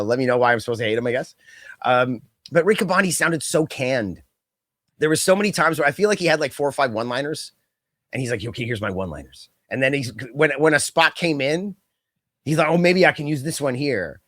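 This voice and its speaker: A young adult man co-hosting a casual podcast chat, rambling and animated, with lots of fillers and quick mock impressions. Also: mid-range voice, dry recording. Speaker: podcast co-host.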